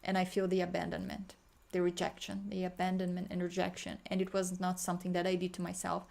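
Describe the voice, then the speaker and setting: A woman guiding a healing meditation, talking slowly and softly with sighs, sometimes chanting in an invented language. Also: lowish voice, completely flat delivery, gravelly. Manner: slow, soft, sighing, breaks into chanted light language. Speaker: spiritual healer.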